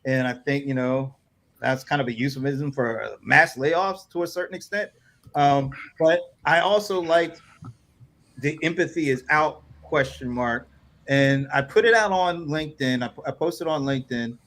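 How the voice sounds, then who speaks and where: A man's voice: mid-range voice, a little slow, a bit bright. A man hosting a casual livestream chat over a video call, rambling with many fillers and chuckles. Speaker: host.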